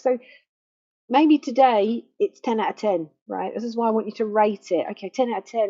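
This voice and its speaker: A woman counselling on grief in a gentle, slow, reassuring way that softens to a near hush. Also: a little high. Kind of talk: guided self-help talk. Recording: dull lo-fi faulty microphone.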